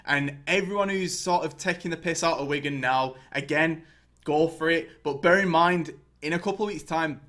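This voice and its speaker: A man's voice: fairly high pitch, fairly bright tone. A young man, ranting angrily and sarcastically about his football club, full of swearing. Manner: sweary, sarcastic, mocking impressions. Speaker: football fan vlogger. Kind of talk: angry ranting commentary.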